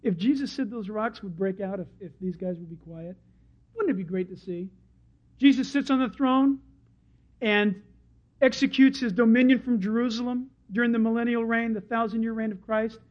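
A man preaching a sermon as pastor, animated and storytelling, slipping into other people's voices. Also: very high voice, normal speed. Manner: animated storyteller who acts out crowd voices. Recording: dull lo-fi sermon recording.

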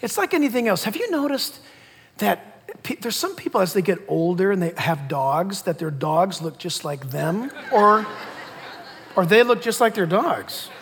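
A man's voice: high-pitched, lively intonation, moderate pace, fairly bright tone, slight background noise. A man preaching a sermon as pastor, emphatic, repeating key words and laughing between points. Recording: long hall reverb.

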